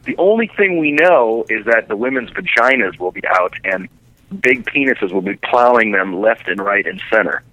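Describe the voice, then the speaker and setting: A man talking casually on a radio show, making jokes at his own expense. His voice is low, bright and forceful, and the sound is dry and close. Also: expressive, moderate pace, dry recording, dull audio. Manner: joking, self-mocking. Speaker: caller, film director.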